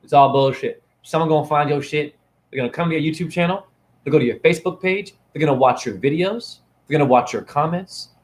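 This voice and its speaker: A man ranting to camera in a rambling vlog monologue, swinging between loud outbursts and hushed asides. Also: a little high, fast talker. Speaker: vlogger and spiritual teacher.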